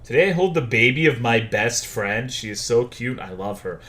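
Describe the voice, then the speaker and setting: Bright-voiced young man streaming, profane. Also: medium pitch, expressive, normal speed. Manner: profane, joking, reading chat aloud. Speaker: game streamer. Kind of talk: casual live-stream chat.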